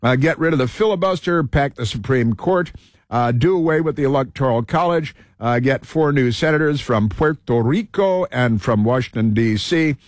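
Rambling talk show host, dry close mic. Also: male voice, medium pitch, expressive, no echo. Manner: rambling, halting, many fillers and restarts. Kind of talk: rambling opinion monologue.

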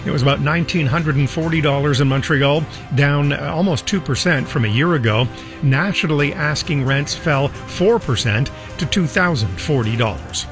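A man reading a scripted radio news update in a measured delivery. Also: fairly high pitch, over music. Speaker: newsreader.

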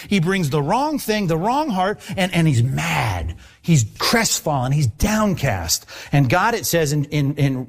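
Guy preaching, talks like he's chatting, lots of swoops in pitch, slightly high voice. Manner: animated, conversational preaching with acted-out voices. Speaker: pastor. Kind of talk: sermon.

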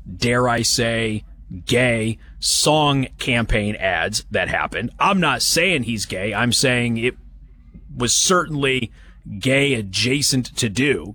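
A man's voice: mid-range voice, sharp tone. A man hosting a live talk radio show from an event, speaking in a chatty, sarcastic, opinionated way. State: has hiccups. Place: live broadcast at a banquet hall event.

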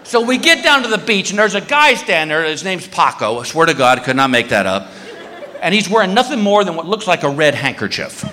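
A man's voice: on the high side, very animated, fairly quick, pushed and bright. A man telling a story in a stand-up routine, acting out the voices of the people in it. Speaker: stand-up comedian. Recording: live show in a reverberant hall.

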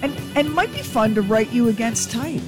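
A woman radio co-host talking in an enthusiastic, rambling way, her voice pitched a little high. She moves through her thoughts with lively swings in pitch, over a broadcast with music playing behind her. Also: fairly quick. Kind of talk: morning radio banter.

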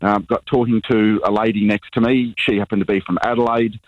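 A man's voice: on the low side, fairly even intonation, brisk, no echo, lo-fi sound. A man calling in to a radio show, telling a story hesitantly with many fillers. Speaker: caller. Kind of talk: telling a story on a phone call.

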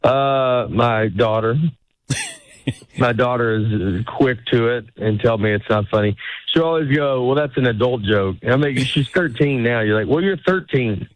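A man's voice: mid-range voice, moderate pace, no echo, lo-fi sound. A man who is a stand-up comedian, chatting casually as a guest, rambling and restarting his sentences and laughing often. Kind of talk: casual chat.

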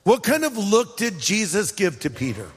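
A man's voice: sits high, big pitch swings, normal speed, slightly rough. A man from California, a pastor preaching a sermon in a conversational way with joking asides. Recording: long hall reverb.

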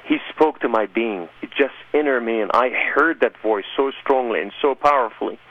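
A man's voice: medium pitch, moderate pace, no room sound. A man giving an emphatic, impassioned personal conversion testimony as an interview guest. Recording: narrow phone-like radio sound.

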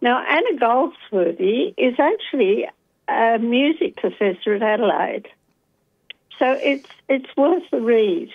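A woman's voice: fairly high pitch, animated, measured pace, creaky. An older woman calling in to a talkback radio show, thoughtful and hesitant, with frequent ums. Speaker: caller. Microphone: phone line. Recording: dull phone-line sound.

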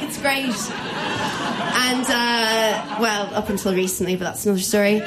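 An Irish woman telling a comic personal story live, animated and self-mocking, acting out the voices of the people in it. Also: mid-range voice, brisk, over a noisy crowd, heavy background noise. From Ireland.

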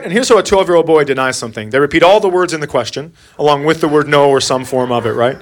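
A middle-aged man telling a stand-up comedy story in a deadpan way, acting out his son's lines. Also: fairly high pitch, fast talker, hardly any pauses, crowd noise.

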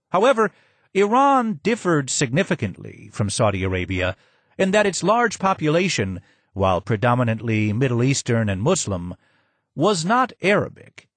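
A man narrating a memoir audiobook in an expressive reading with strong emphasis. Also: mid-range voice, no room sound.

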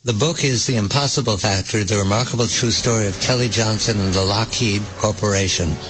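A man with a low-pitched voice hosts a radio interview. He talks in a relaxed, conversational way and sets up his guest with leading questions. Soft music plays faintly behind him. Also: fairly quick, poor audio. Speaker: radio host.

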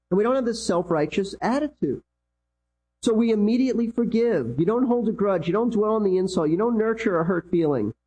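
Male pastor, emphatic sermon delivery, husky and mellow, repeats for emphasis. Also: rough recording. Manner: emphatic preaching, repeats key lines, pitch swings.

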